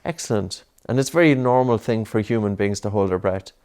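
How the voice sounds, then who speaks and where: Speaking fairly quickly in a lowish voice, a man guides a child through breathing exercises. He stays patient and encouraging, repeating many gentle prompts.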